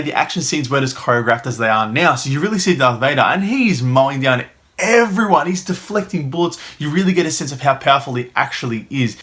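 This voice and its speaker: A man's voice: mid-range voice, a bit bright. A young man giving an enthusiastic, casual film review, swearing freely and acting out the scenes.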